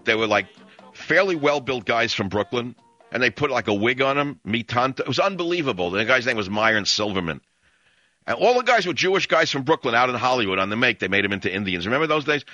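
A male talk-radio host riffing from a studio mic, opinionated and wandering from topic to topic with a sardonic edge. His voice is bright and his pitch swings widely as he talks. The studio sound is close and dry. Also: sing-song, quick pace, dry recording, lo-fi sound. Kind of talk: talk radio monologue and call-in. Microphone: studio microphone.

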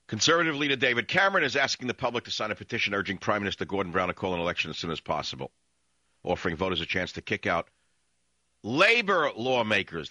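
Ranting deep-voiced talk radio man. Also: sharp tone, dry recording, dull audio. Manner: sarcastic, ranting, reads news items aloud then mocks them. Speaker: radio talk show host. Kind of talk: combative political talk radio monologue.

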